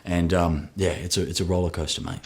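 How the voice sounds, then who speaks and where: An Australian man in his thirties, a rapper who raps his lines and then explains them in casual talk. He tells stories with sudden loud, excited re-enactments. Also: sits low, brisk, loud music behind the voice.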